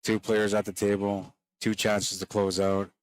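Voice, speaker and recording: Talking to stream viewers directly, a man with a lowish voice gives casual, conversational play-by-play of a pool match at a measured pace. He's a little worn down late in the day, and there's no echo.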